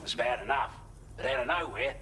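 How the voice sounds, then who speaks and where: A man's voice: medium pitch, a little fast, sharp tone, a little hiss or hum, natural voice, rough recording. A man voicing an earnest, determined male idealist in video game dialogue. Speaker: game character.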